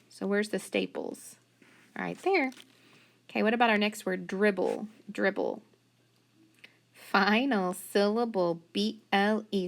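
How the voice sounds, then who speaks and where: A woman teacher leading a phonics lesson, talking slowly and patiently and stretching out sounds and words. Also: medium pitch, fairly bright tone.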